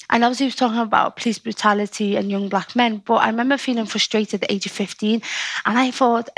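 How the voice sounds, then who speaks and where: A woman with a Scouse accent, a poet talking in a casual interview and telling her stories in a chatty, animated way. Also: a little high, no room sound. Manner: animated, chatty storytelling with quick asides. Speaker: poet, guest.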